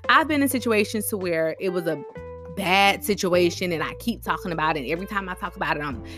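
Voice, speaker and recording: A woman giving relationship advice in a casual, animated monologue, full of rhetorical questions and informal, slangy speech. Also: on the low side, fast talker, music in the background.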